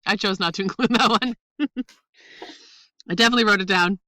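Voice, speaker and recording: Bright, laughing woman podcast co-host. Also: mid-range voice, brisk, dry recording, low-quality recording. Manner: laughs often, acts out movie lines with gusto. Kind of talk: casual movie-review chat.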